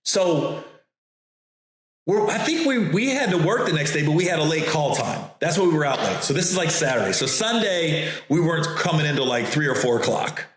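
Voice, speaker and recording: A man who is a comedian and host tells a story in a casual, animated way, acting out other people's voices and laughing often. His voice is on the high side at a moderate pace, with heavy reverb.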